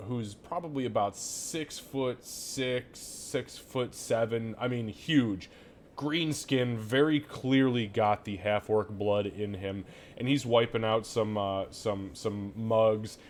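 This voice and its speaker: A man running a tabletop game, describing a tavern scene in a relaxed, meandering way. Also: lowish voice, a little hiss or hum. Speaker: game master.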